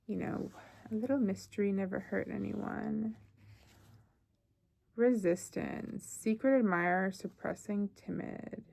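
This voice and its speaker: A woman's voice: mid-range voice, fairly even intonation, a little slow, creaky, pauses often, a little mellow. A young woman giving a casual tarot reading, chatty and thinking aloud with frequent fillers. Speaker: tarot reader.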